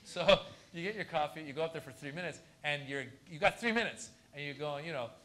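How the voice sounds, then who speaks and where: Animated male comedian telling stories. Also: fairly high pitch, brisk. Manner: animated, acts out other people's lines. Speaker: comedian guest at a university lecture. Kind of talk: storytelling anecdote in a Q&A.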